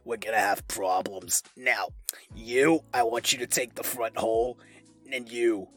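A man doing an impression of a crude, brassy streetwalker woman in a low, throaty, strained voice, bossy and coaxing. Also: steady tone, measured pace, a bit bright, faint music behind.

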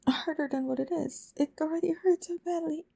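A woman speaking in a breathy, pleading whispered role-play, with frequent sighs and soft whispering. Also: high voice, steady tone, fairly quick. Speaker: audio role-play performer.

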